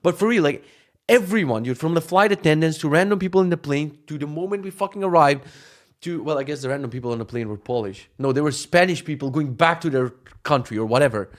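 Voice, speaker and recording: A man's voice: a little high, quick pace. A man from Macedonia telling stories in a casual vlog monologue, joking and swearing freely. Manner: profane, joking, animated storytelling. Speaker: vlogger.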